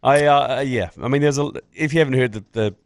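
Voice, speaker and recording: A man's voice: medium pitch, quick pace, dry recording. NZ man, podcast co-host, rowdy anecdote-teller, dry close mic. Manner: swearing, laughing storyteller. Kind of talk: casual chat, storytelling.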